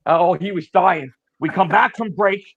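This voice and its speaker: His high voice is unhurried and creaky, recorded dry and dull in lo-fi with no echo. He's a middle-aged retired firefighter on a podcast, telling casual stories in a blunt, profane, lively manner.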